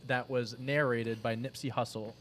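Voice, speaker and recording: A man from Boston co-hosting a podcast in casual, animated, jokey chat. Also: medium pitch, moderate pace, a little hiss or hum. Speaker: podcast co-host.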